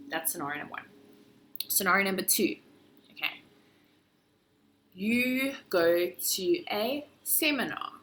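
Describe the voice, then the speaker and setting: Bright, lively businesswoman presenting. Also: a little hiss or hum. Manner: lively, acts out sales pitches in a chirpy voice. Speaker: marketing agency director.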